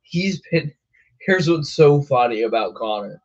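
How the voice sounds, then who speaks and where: A man's voice: medium pitch, expressive, a little slow, muffled recording. A young man hosting a weather show, chatting casually on a live stream, laughing often and calling people bro. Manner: laid-back, laughing, says bro a lot.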